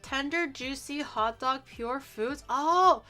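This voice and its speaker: A woman VTuber chatting casually while cooking on a livestream, animated and quick to laugh, swearing casually and poking fun at herself. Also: fairly high pitch, faint music behind. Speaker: VTuber streamer.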